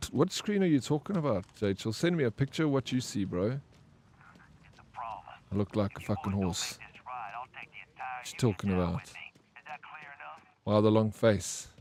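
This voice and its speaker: A man's voice: medium pitch, a little mellow. A man chatting casually with his chat during a live game stream, rambling and calling viewers by name.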